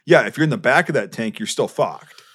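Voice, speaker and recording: Man, casual podcast chat, explains in careful detail, full of ums and likes, restarts his sentences often, middle-pitched voice, relaxed flow. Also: fairly quick, slightly rough. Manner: detailed explaining, hesitant with many "um" and "like". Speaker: podcast co-host with military history knowledge.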